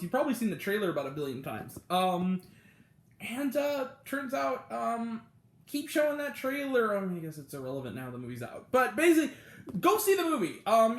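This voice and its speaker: Man, movie review host, casual and rambling, many ums, a bit high-pitched, echoey room. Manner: rambling, full of ums and self-corrections. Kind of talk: casual spoken film review.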